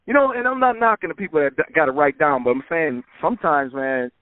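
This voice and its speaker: A man guest telling relaxed stories about making records, filling his talk with "man" and "you know". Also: a little high, fast, no room sound. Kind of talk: casual interview storytelling. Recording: phone-like narrow sound.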